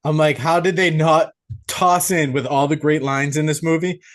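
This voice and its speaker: A man's voice: a little high, fairly even intonation, normal speed. A man co-hosting a podcast who eagerly jumps in with jokes and casual swearing about a movie. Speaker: podcast co-host.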